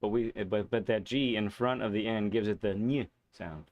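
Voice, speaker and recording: A laid-back man hosts a live game stream, answering chat in a loose, meandering way with plenty of fillers and soft chuckles. His voice sits somewhat low. The sound is close and dry, with no room around it. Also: moderate pace, dry recording, lo-fi sound. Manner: relaxed and rambling, with many fillers and chuckles.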